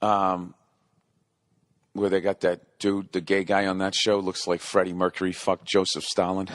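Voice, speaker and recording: The host of a solo comedy podcast, a man in his forties, speaks in a low, monotone voice at a measured pace in a dry recording. Wandering off as he swears through his rants, he keeps telling himself off and steering back to the subject.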